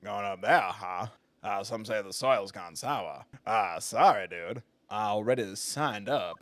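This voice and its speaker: A man voicing a creepy old rural neighbor in a slow, low drawl. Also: fairly bright tone, no echo. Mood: ominous.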